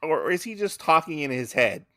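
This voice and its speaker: A man's voice: fairly high pitch, moderate pace, no room sound, studio quality. A man co-hosting a podcast, chatting casually and animatedly about a comic he is reading. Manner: animated, slips into silly character voices. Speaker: podcast co-host.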